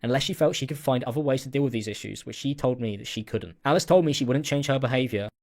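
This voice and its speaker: Man reading a statement very fast. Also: medium pitch, a little mellow. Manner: formal, rapid, earnest reading. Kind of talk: reading a written statement aloud.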